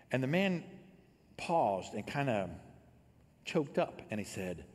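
A man preaching a sermon as a pastor, earnest, rising loud and then dropping low to tell a story. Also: big pitch swings, takes it slowly, pauses often. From Illinois. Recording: long hall reverb.

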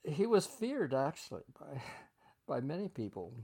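A man's voice: a little high, very animated, unhurried, creaky, dark tone, husky. An older man reminiscing in an interview, chatty, laughing often as he tells his stories. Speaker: oral history interviewee. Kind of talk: reminiscing storytelling.

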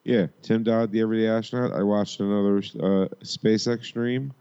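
A man's voice: on the low side, steady tone, normal speed, warm tone, smooth. A man hosting a podcast in casual, rambling banter with many restarts, on a dull lo-fi recording. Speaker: podcast host. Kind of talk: casual chat.

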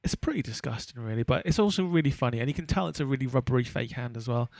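A man's voice: medium pitch, lively intonation, very fast, gravelly, a little mellow, no room sound. A man co-hosting a podcast, chatting casually and rambling with lots of restarts and fillers. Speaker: podcast co-host. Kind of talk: casual chat.

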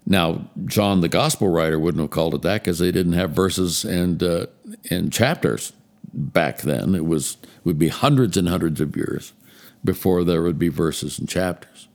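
A man preaching a Christmas Eve sermon, telling a story in a slow, measured way with dramatic pauses. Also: low voice. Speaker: pastor.

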